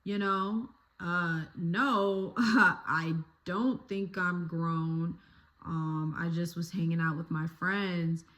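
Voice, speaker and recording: Chatty young woman, low voice, roomy room. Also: fairly even intonation, very slow, fairly bright tone. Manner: chatty, swears freely, lots of "like" and "you know". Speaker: YouTuber telling a story. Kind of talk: casual storytime vlog. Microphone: phone camera. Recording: roomy phone recording.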